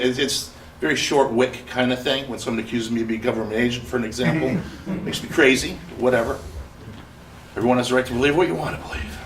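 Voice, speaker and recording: A man speaks to a gathered crowd, his story impassioned and full of restarts. His voice sits at an ordinary middle pitch. He is caught from a distance in an echoey hall, with faint background noise. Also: a bit bright. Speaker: survivor speaking at a memorial gathering. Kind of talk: personal testimony speech.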